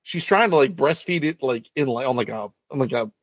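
A man's voice: medium pitch, expressive, a little fast, slightly rough, no echo. A man casually recapping a film plot in a rambling, swearing storytelling manner, as a co-host.

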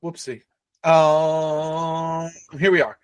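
A man's voice: fairly high pitch, flat delivery, clean tone, no echo. Profane, rambling man recapping a film. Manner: loose, profane storytelling, doing quick silly character voices. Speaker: podcast co-host recapping a film. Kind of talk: casual chat.

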